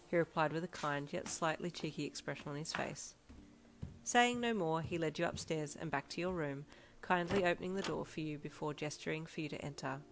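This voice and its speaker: A woman narrating a second-person fanfiction audiobook in a steady, plain storytelling voice. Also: sits low, a little fast.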